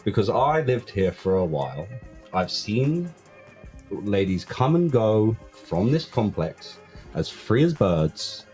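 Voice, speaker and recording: Man, guest, candid chatty talk, expressive pitch, faint music underneath. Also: slow. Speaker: guest, old friend. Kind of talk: casual conversation.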